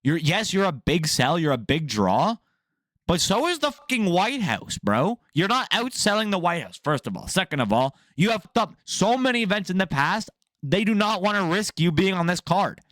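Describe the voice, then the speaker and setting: A man's voice: sits high, moderate pace, dry recording, clean studio sound. A young man hosting an MMA news channel, giving blunt, profane, opinionated commentary in a casual rant. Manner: blunt, profane, animated ranting.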